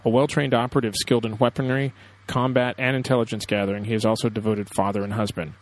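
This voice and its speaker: A man's voice: medium pitch, level tone, fast talker. A man co-hosting a casual podcast chat, talking with frequent fillers and hesitations. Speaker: podcast co-host.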